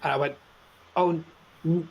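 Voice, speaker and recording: A man's voice: fairly high pitch, steady tone, unhurried, vocal fry, husky. A man, telling a story on a podcast in a casual, swearing way and acting out the other people's lines. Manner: swears freely, acts out quotes, laughs often. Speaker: podcast co-host.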